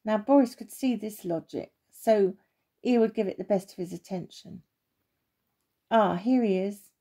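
A woman narrates a children's story in a gentle, expressive reading voice. Her tone is dark and mellow. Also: mid-range voice.

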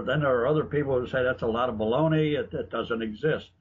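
A man with a husky mid-range voice talks fast with few pauses. He's a guest author and researcher in a casual interview, telling chatty anecdotes with frequent restarts, heard in dull lo-fi broadcast audio with faint noise.

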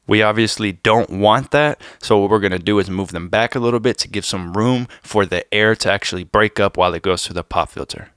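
Young guy with a lowish voice walking you thru mic setup, dry close sound. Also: a little fast, hardly any pauses, fairly bright tone, clean tone, no room sound. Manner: plain, explanatory, step-by-step. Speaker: music producer teaching recording. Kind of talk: instructional tutorial.

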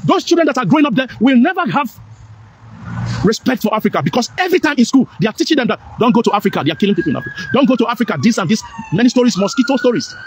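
A man with a Nigerian accent full of Pidgin turns delivers a rapid, emphatic political monologue. His voice sits high for a man, and he hammers the same lines again and again in a preachy tone. Faint background noise runs under it. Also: sing-song. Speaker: political commentator. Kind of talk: impassioned monologue.

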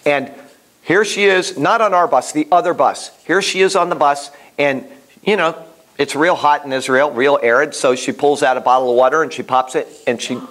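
Animated man teaching a Bible class. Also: a little high, moderate pace. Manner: animated, storytelling, repeats himself, many restarts.

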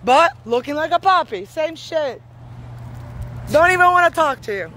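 A woman's voice: high voice, expressive, normal speed, fairly bright tone, slight background noise. A woman vlogging in a casual, rambling monologue, profane and offhand, laughing often as she talks outdoors on a street.

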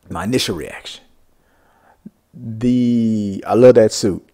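A man hosting a reaction video, giving chatty, excitable, rambling commentary. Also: fairly low pitch, takes it slowly, pauses often.

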